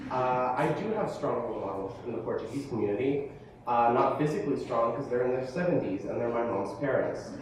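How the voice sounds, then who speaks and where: This brisk, medium-pitched speaker is a student in his late teens addressing an audience in a big hall or classroom. Joking about himself, he often stumbles and restarts. Captured from afar in an echoey space, the audio carries a little hiss or hum.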